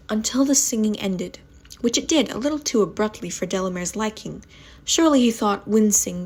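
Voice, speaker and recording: Breathy woman reading a spooky story. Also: mid-range voice. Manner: soft reading that stumbles and restarts on words. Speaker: ASMR channel host reading aloud. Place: at home.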